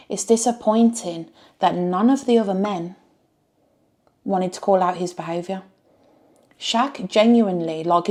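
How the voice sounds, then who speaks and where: A woman's voice: mid-range voice, darkish tone. A woman reviewing a reality show, exasperated and firing rhetorical questions. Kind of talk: reaction review rant.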